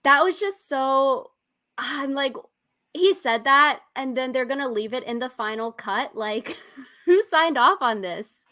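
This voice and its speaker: A woman's voice: high voice, expressive, a little slow, bright, forceful tone. A young woman co-hosting a casual recap podcast, chatty and laughing often. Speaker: podcast co-host.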